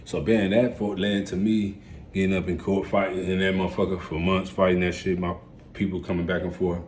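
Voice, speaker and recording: A man in his forties telling his life story in a casual, rambling way, heavy on street slang, dropping to mumbles and then jumping up loud and excited. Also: low voice, a little fast, a little hiss or hum. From United States.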